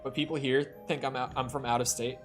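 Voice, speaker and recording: A man's voice: medium pitch, flat delivery, fast talker. A man from the Upper Midwest streaming a video game, chatting casually and wandering off into stories. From Upper Midwest of the United States. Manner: rambling, storytelling asides. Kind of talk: casual chat while playing a video game. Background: faint game music.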